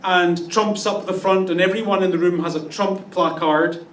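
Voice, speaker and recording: A Canadian-accented pastor with a high, steady, fairly bright voice preaches at a moderate pace. His sermon is conversational, often posing questions to the congregation, and the recording has a roomy, distant church-sanctuary sound.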